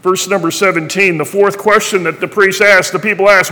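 A middle-aged man with a high voice preaches an earnest sermon, reading verses aloud and explaining them. His voice rings out with a long reverb in a church hall. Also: fairly even intonation, a little fast, few pauses, bright, forceful tone. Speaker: pastor.

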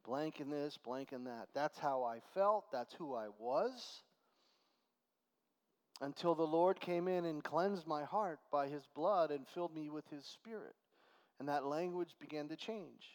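A male pastor giving a conversational verse-by-verse sermon, reading scripture slowly and building to emphatic points. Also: on the high side, darkish tone, big-room sound. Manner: conversational preaching, slow deliberate scripture reading, swells to emphatic.

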